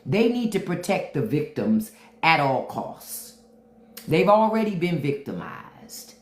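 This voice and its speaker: A woman's voice: low-pitched, big pitch swings, takes it slowly, a little mellow, roomy sound. A woman hosting a casual livestream, talking bluntly and profanely and answering viewer comments. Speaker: livestream host.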